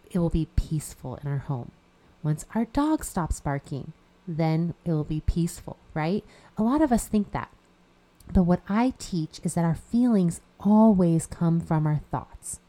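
A woman's voice: on the low side, lively intonation, unhurried, warm tone. A woman hosting a podcast as a life coach, talking casually with a stuffy nose, chatty and encouraging. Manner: chatty and encouraging, with frequent "you know" fillers.

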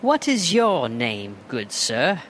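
A man's voice: mid-range voice, wildly swooping pitch, slow, fairly bright tone, slight background noise, pitched above the performer's own voice, exaggerated voice. A man voicing a polite, formal male chimpanzee with a British accent, speaking in a courteous and precise way.

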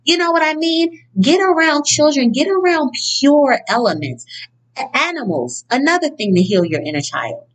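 A woman giving a casual motivational talk from notes, blunt and profane, with animated, emphatic outbursts. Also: sits high, moderate pace, rough recording. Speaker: speaker on inner-child healing.

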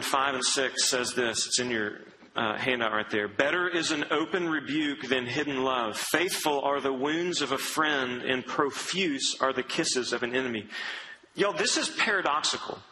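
A man preaching a sermon in an earnest, conversational way, often dropping to a soft, low tone. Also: moderate pace, background noise.

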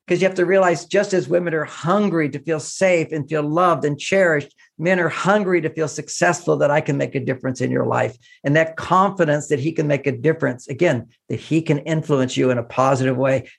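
A man's voice: on the high side, creaky. A middle-aged man giving relationship advice, telling stories and acting out the voices of people he quotes. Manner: animated, acts out quoted voices. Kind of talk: warm advice talk with stories.

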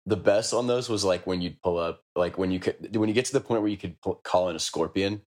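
A man with a very low voice chats loosely about a video game on a podcast. He rambles, swears freely and laughs while mimicking characters. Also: brisk, darkish tone. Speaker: podcast co-host. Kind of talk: casual gaming chat.

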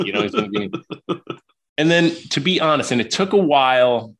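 In this podcast conversation, a psychologist from Queens, New York talks a lot, repeating words as he begins sentences. His mid-range voice is lively, brisk and a bit bright, with slight noise in the background.

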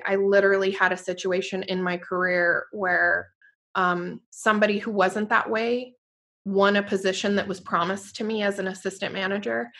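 A woman co-hosting a podcast in casual chat, effusive and warm, full of "like" fillers. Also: mid-range voice. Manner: chatty, quotes her own past thoughts aloud. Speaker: podcast co-host.

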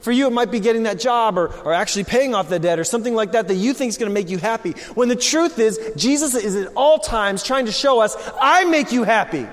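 A man preaching a sermon as pastor, swinging from hushed, low passages to loud, excited ones. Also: quick pace, few pauses. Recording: long reverb of a large hall.

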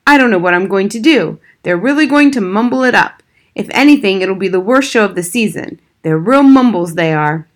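A woman voicing an angry middle-aged father who rants and shouts in a storybook reading. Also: mid-range voice, lively intonation, brisk, lightly acted. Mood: indignant. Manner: shouting, sputtering.

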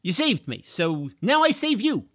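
A man's voice: high-pitched, big pitch swings, a little slow, fairly bright tone, pitched above the performer's own voice, full character voice. A man reading a story who voices a young woman calling urgently from below to help a friend escape. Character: brave young woman, a rescued damsel.

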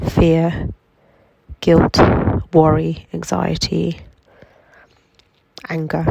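A woman with a cold and a nasal voice, giving a slow, reflective spiritual self-help talk from her bed at home. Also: deep voice, level tone, gravelly, a little hiss or hum, rough recording. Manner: slow, reflective, gently affirming. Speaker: healing coach.

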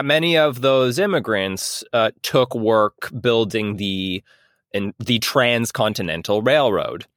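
A man's voice: lowish voice, fairly bright tone, dry recording, clean studio sound. A man co-hosting a casual comedy podcast who jokes, laughs often and rambles. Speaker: podcast co-host.

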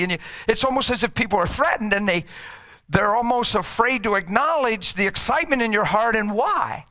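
Middle-aged male preacher, high and bright voice, ramped-up conversational sermon delivery. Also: brisk. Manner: energetic, emphatic, conversational preaching.

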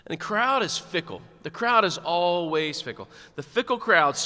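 Male pastor, animated conversational sermon, bright tone, echoing sanctuary. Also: high-pitched, normal speed, hardly any pauses. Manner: animated, conversational preaching with humor.

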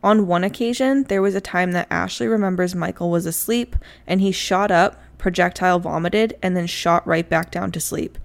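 A woman's voice: on the low side, moderate pace, creaky, hardly any pauses. Chatty woman telling a crime story. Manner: chatty, laid-back, giggles at times. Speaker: podcast co-host narrating a true crime case. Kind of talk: casual chat, telling a story.

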